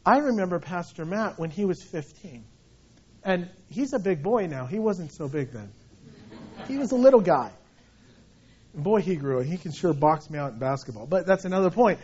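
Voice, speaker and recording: A middle-aged man, a senior pastor, preaching a sermon in a conversational, animated storytelling way with frequent restarts. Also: high-pitched, normal speed, husky. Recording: dull lo-fi sound.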